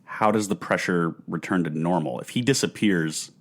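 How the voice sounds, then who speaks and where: Brief: male co-host, very low voice, thoughtful explainer. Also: normal speed. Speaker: podcast co-host. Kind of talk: casual book discussion.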